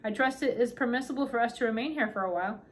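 A prim, self-important miniature king, read aloud by a woman, dry and formal in every word. The voice sits a little high, and each line comes out measured and superior. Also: lightly acted. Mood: haughty. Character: fussy, haughty tiny doll-sized king, male.

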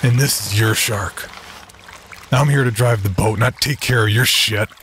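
Brief: surly hulking boatman, as a narrator puts him on, low, raspy, growling. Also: unhurried, fairly bright tone, slight background noise. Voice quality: deep, raspy. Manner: growling, blunt. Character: crude hulking middle-aged boatman, gruff.

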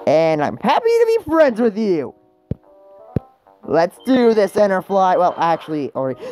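A woman's voice: medium pitch, big pitch swings, moderate pace, a little mellow. A woman giving casual let's-play commentary, chatty and rambling, who mocks herself and talks to the game characters. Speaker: gaming channel host. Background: game music.

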